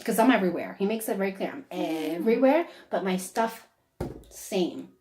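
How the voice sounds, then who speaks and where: A woman working as a psychic medium, giving a chatty conversational reading and relaying quotes in lively bursts. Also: mid-range voice, quick pace, soft background music. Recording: echoey room.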